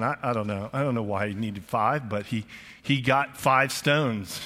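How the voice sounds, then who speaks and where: A man's voice: mid-range voice, a little slow, sharp tone. An older man preaching a conversational sermon as pastor, chatty and emphatic, often restarting his phrases. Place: church auditorium. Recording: long reverb of a large hall.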